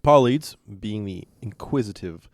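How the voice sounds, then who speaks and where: A man hosting a podcast, chatting casually and walking through a story with halting restarts and fillers. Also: fairly low pitch, lively intonation, no echo. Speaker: podcast host presenting stories. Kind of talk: casual chat and story rundown.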